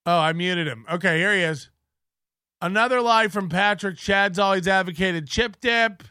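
A man's voice: high-pitched, normal speed, bright, forceful tone, smooth, dry recording, clean studio sound. A middle-aged man hosting an online show, ranting in sarcastic, profane commentary and muttering while he scrolls through posts.

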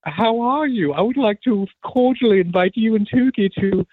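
A woman's voice: medium pitch, normal speed, slight background noise, lightly acted. A woman on a phone call voicing a posh, theatrical character with an affected, plummy manner. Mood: gracious. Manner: plummy, affected, says "darling" and "ta-ta". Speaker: caller. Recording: tinny phone line.

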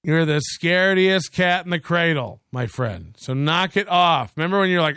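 A man's voice: on the high side, expressive, normal speed, few pauses, sharp tone, clean tone, no echo, studio quality. A man hosting a casual solo livestream, ranting sarcastically and profanely and thanking viewers for donations. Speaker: livestream host.

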